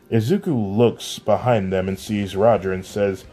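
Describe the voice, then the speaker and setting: A man with a low, mellow voice reads a homemade fan story aloud, plain and steady, now and then tripping over a word. Soft music plays quietly underneath. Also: normal speed, few pauses. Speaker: narrator. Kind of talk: amateur fan-fiction storytelling.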